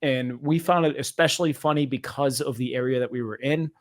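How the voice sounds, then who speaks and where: Animated, swearing male podcast host. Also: medium pitch, fairly quick. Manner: animated, profane storytelling with mimicry. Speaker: movie review podcast host. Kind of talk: casual chat.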